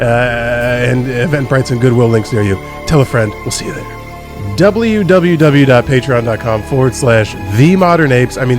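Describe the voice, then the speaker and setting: A young man hosting a comedy podcast, telling crude stories in a loose, laughing way. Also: mid-range voice. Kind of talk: casual comedic podcast chat. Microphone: studio podcast mic.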